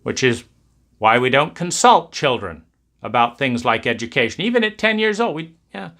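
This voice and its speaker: A man giving a reflective talk, speaking in slow, emphatic, repetitive cadences. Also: medium pitch, big pitch swings, bright, forceful tone.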